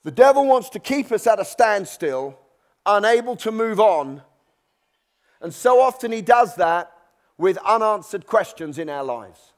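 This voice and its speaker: High-voiced preacher, chatty sermon. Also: male voice, big pitch swings, measured pace. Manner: conversational, acts out worried believers' voices. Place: church.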